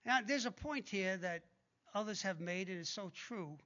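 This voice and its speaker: Guy giving a sermon, real high voice, punchy and chatty, kinda muffled lo-fi sound. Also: normal speed, sharp tone. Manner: emphatic, conversational preaching with asides. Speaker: preacher.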